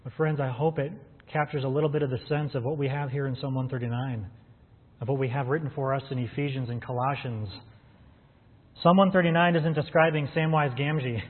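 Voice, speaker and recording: A man's voice: medium pitch, fairly even intonation, brisk. A man preaching a sermon as a pastor, earnest and calling his listeners friends. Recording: phone-like sound in a reverberant hall.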